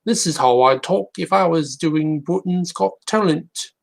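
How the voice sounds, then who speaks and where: A man doing a put-on British accent, slowly delivering deadpan one-liners. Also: fairly high pitch, vocal fry, pitched above the performer's own voice. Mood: mock-posh. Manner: slow, drawn-out, deadpan joke delivery.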